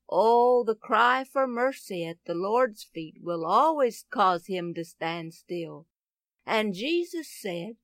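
A woman telling a Bible story expressively, with dramatic swings of pitch and loudness. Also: no room sound, studio quality.

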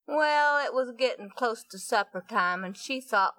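A woman's voice: on the high side, lively intonation, unhurried, few pauses, pushed and bright, no echo. A woman telling a folksy story in a chatty way, with many asides to her listeners.

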